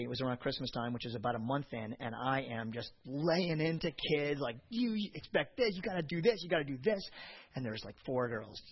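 A middle-aged man delivering a sermon in a husky, slightly breathy voice that rises and falls with lively, animated pitch. He weaves personal anecdotes into his preaching and swings from hushed reflection to loud emphasis. The recording is dull and lo-fi. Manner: anecdotal storytelling. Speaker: pastor.

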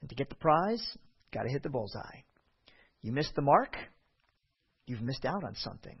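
A man preaching a sermon, reading scripture aloud and acting out the voices with an expressive delivery. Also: medium pitch, normal speed, creaky, slightly rough, muffled recording.

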